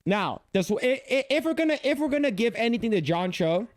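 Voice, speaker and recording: Animated, rambling male streamer. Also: very high voice, brisk, no echo. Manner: rambling, animated, lots of fillers and restarts. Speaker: streamer reacting to a video. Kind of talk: casual reaction commentary.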